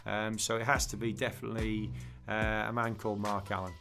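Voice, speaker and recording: A man's voice: lowish voice, brisk, vocal fry. Man, middle-aged, PE teacher, podcast guest, chatty storyteller, faint music in the background. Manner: chatty, tells jokes with lively voiced characters. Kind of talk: casual interview chat.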